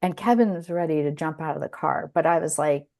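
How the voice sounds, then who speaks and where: A woman with a gravelly, slightly low voice co-hosts a podcast in relaxed conversation. She tells stories loosely, laughs often and stops to restart her sentences. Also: a little fast. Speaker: podcast co-host. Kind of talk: casual chat.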